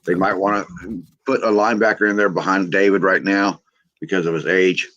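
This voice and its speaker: A man joining a podcast as a guest, talking football in a halting, plainspoken way. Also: deep voice, fairly even intonation, a bit bright, dull audio. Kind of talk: casual football talk.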